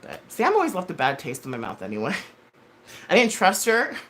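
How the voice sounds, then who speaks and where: Woman in her thirties, live-stream host; blunt, foul-mouthed, rambling chat with a lively, swooping pitch. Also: moderate pace, a little hiss or hum. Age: 30s. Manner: rambling, blunt and heavily profane; frequent fillers and self-corrections. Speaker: livestream host. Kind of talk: casual chat with live viewers.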